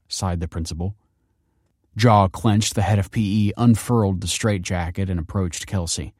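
A man with a low voice narrates a story in a measured, understated manner. The recording is dry and close, with no room sound. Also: fairly even intonation, a little mellow, no room sound. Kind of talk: story reading.

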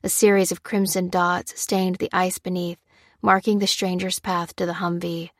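A woman narrates an action novel in a steady, measured way, her voice sitting on the low side. The sound is dry and close, with no room around it. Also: no echo. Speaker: audiobook narrator. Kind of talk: scripted narration.

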